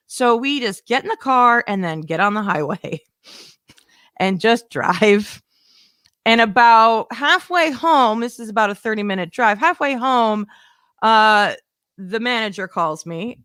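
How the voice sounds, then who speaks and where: A woman's voice: a little high, unhurried, clean tone, no echo, clean studio sound. A young woman doing a stand-up set, telling a rambling story and acting out the people she quotes. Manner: rambling, animated, acts out quoted voices. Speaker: stand-up comedian.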